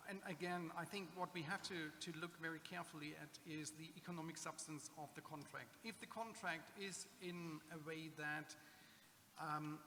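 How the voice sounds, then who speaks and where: A man whose first language is German answers audience questions from a conference panel, pausing and restarting often. His voice sits fairly high and sounds bright. Long reverb from the hall and a faint hiss sit behind him. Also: fairly even intonation. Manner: halting, many fillers and restarts. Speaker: conference speaker on public-sector accounting.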